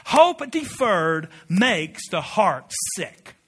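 A man preaching a sermon with passion, building to loud peaks and dropping to quiet asides, leading the congregation in call-and-response. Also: sits high, sing-song, very slow, breathy edge. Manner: impassioned, rising to shouted peaks, drops to quiet asides. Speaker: pastor.

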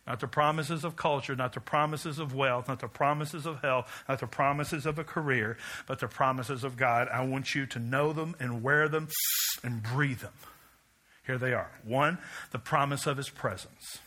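A man's voice: medium pitch, steady tone, normal speed, bright, forceful tone. A man preaching a rousing, rhythmic sermon, leading the congregation in chants and slipping in joking asides. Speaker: pastor.

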